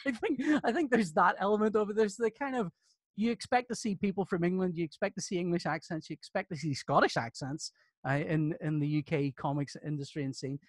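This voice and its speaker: A man's voice: sits high, fairly quick, dry recording, studio quality. A man in his fifties with a Northern Irish accent, a podcast guest telling jokey stories in casual chat. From Northern Ireland. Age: 50s. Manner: animated, jokey storyteller who breaks into laughter. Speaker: podcast guest, comics artist.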